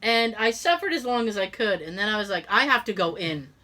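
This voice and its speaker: A middle-aged woman co-hosts a podcast, her medium-pitched voice moving briskly as she tells a story in casual conversation. She's animated, laughs often, and acts out the voices of the people she quotes.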